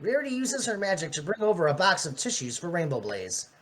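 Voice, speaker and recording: A woman's voice: lowish voice, very animated, brisk, noisy background. A woman narrating a fan voice-acting dub in a casual, matter-of-fact way. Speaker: narrator and voice actor.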